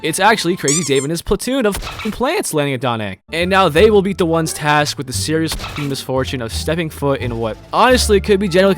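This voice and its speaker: A man's voice: on the high side, a bit bright. A young man hosting a joking video essay, rambling and swearing casually. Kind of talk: casual commentary.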